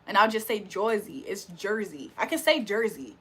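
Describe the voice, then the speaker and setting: A woman's voice: mid-range voice, very animated, fairly quick, breathy edge. A young woman hosting a live stream in casual chat, laughing often and talking to her viewers as y'all. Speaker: livestream host.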